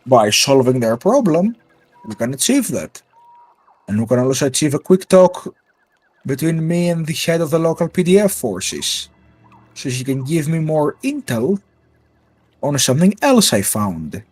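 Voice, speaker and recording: A man voicing a calculating male interrogator who briefs his team in a measured, persuasive way. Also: on the high side, sing-song, darkish tone, slightly rough, full character voice. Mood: briefing.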